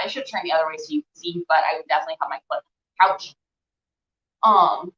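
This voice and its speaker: With a fairly low, slightly bright voice, a young stretching instructor talks her class through the moves, chatty, encouraging and filler-heavy. She's a little out of breath from holding the stretches, and the room echoes with a dull lo-fi recording.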